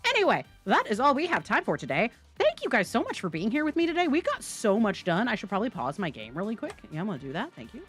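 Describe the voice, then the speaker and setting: Young woman streamer, chatty and giggly, lively pitch. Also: fast, hardly any pauses, slightly rough, soft background music. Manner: chatty, giggly, thanks chat excitedly. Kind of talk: live gameplay commentary.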